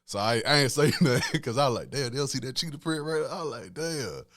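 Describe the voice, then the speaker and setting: A man's voice: mid-range voice, expressive, a little fast, fairly bright tone, no room sound, clean studio sound. A young man hosting a podcast, telling a story in casual, slangy talk and laughing often. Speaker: podcast host.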